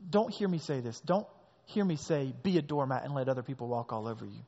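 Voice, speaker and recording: A man's voice: medium pitch, fast, warm tone. A man preaching a sermon as pastor, leaning hard on key words, recorded in a large hall with a long echo and a dull sound.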